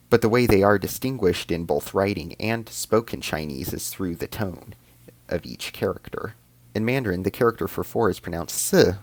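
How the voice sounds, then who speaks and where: A man giving a measured, scripted explanation as the host of an educational video, slowing down to spell out terms. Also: sits low, dry recording.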